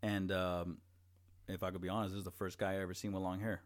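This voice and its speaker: Low-voiced young man telling a rambling story. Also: flat delivery, fast. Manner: rambling, heavy swearing, many restarts. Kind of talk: casual storytelling.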